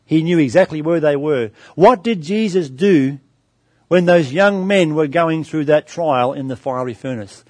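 A middle-aged man preaching a sermon in a high voice, recorded close and dry. He calls his listeners friends, asks them questions and answers them himself, and tells stories from his own life. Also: unhurried, darkish tone, no echo. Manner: storytelling anecdote with varied pace.

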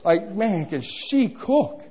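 Lively high-voiced young male preacher. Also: takes it slowly, slightly rough. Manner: playful, interactive, asks the crowd questions. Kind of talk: sermon.

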